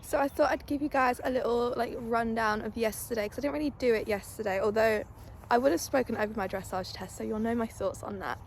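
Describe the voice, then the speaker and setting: A woman's voice: on the high side, steady tone, fast talker, slight background noise. A young woman, chatting casually in a vlog about her horse and talking fondly to him. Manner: chatty, fond baby-talk to her horse. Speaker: equestrian vlogger.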